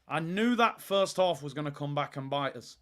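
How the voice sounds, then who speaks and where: Ranting man, high voice. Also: expressive, normal speed. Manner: exasperated, ranting, sarcastic. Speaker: watch-along host. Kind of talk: live football watch-along rant.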